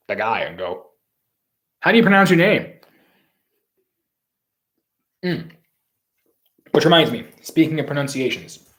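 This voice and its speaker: A man giving solo football draft commentary in an opinionated, rambling and emphatic way. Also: medium pitch. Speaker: sports commentator.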